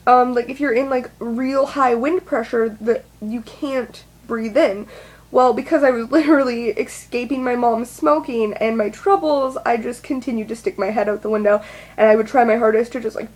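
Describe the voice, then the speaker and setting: A woman's voice: on the high side, fairly even intonation, normal speed, darkish tone. A young woman vlogging a confessional monologue, rambling, swearing and putting herself down with nervous laughs. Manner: rambling, profane, self-deprecating, with nervous laughs.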